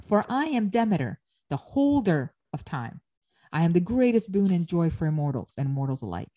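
A woman's voice: lowish voice, sing-song, normal speed, warm tone. A woman voicing an angry, proud harvest goddess who scolds and makes solemn proclamations, read aloud within a lecture. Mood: stern. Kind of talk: dramatic reading within a lecture.

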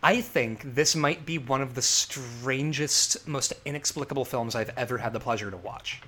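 A man's voice: medium pitch, normal speed, pushed and bright, slight background noise. A man co-hosting a podcast in casual comic chat, rambling and laughing often. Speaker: podcast co-host.

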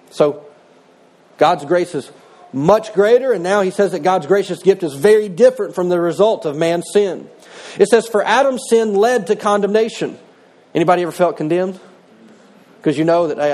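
A man's voice: high voice, darkish tone. A middle-aged male pastor preaching a sermon in a conversational way, mixing scripture with personal stories.

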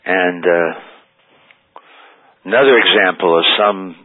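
A man's voice: sits low, slow, no room sound. An older man, a rock musician as interview guest, telling stories with lots of fillers. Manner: rambling anecdotes with many fillers. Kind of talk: storytelling interview. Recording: phone line.

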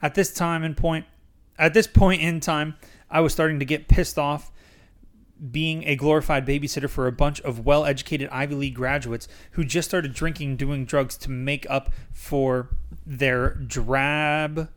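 A man's voice: fairly high pitch, steady tone, a little slow. A young man hosting a podcast who reads his own memoir aloud and sometimes stumbles over words and starts again. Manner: stumbles over words and restarts while reading. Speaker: podcast host reading his own book.

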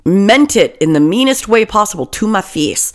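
A woman co-hosting a podcast in casual chat, profane and animated, acting out quoted people. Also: mid-range voice, normal speed. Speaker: podcast co-host.

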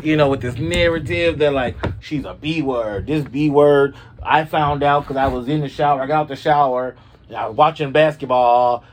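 A man hosting a casual gossip show, sassy and animated, often swooping up into high squeals. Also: slightly rough. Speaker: host.

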